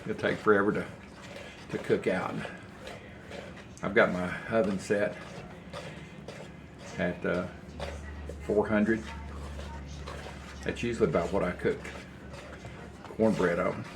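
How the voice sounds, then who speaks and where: A man's voice: sits low, steady tone, slow, creaky, pauses often, noisy background. An older man, rambling folksy stories as he cooks in his home kitchen. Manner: rambling, folksy storytelling while cooking. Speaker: cooking channel host. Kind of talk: casual cooking vlog chat.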